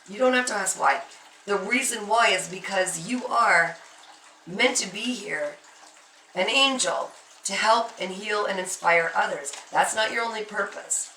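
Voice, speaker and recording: A woman's voice: mid-range voice, unhurried, pushed and bright, far from the mic. A woman giving a spiritual tarot reading, speaking emphatically and reassuringly straight to the listener. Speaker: tarot card reader. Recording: echoey room, off-mic, faint noise.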